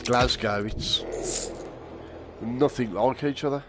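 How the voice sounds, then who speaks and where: A man talks casually as he plays a game, chatting and laughing with frequent swearing. His voice sits at an ordinary middle pitch. Loud game music plays under everything he says. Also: slow pace. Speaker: game streamer. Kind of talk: casual chat while playing a VR game.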